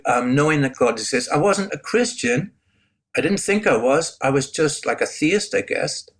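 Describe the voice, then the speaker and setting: A man's voice: mid-range voice, a bit bright, breathy edge. Candid man telling his story. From Northern Ireland. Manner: candid, self-deprecating, halting restarts. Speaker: podcast guest. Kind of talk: personal testimony, conversational.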